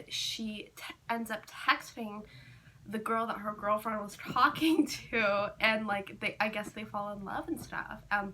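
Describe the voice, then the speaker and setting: A woman book vlogger talking casually to the camera, rambling with lots of fillers and gushing excitedly. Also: mid-range voice, slight background noise. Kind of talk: casual chatty vlog.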